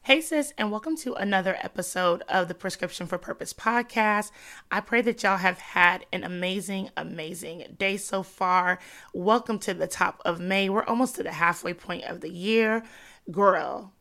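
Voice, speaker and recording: A woman's voice: medium pitch, normal speed, gravelly, a bit bright. Congested woman hosting faith chat. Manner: chatty, addresses listeners as sis and y'all. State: congested from allergies. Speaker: podcast host. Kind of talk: casual faith talk.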